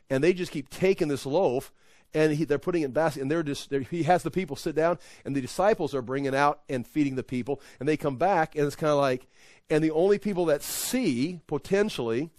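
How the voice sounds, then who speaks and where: A man teaching a Bible study in a conversational way, acting out the people in the story with lively voices. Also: fairly high pitch, no room sound. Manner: conversational, acts out quotes with animated voices.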